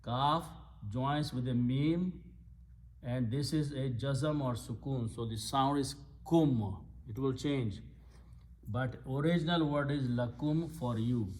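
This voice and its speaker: A man's voice: mid-range voice, takes it slowly, a little mellow. A man teaching Arabic grammar of scripture in a patient lesson, explaining step by step and repeating key words. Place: Islamic center classroom.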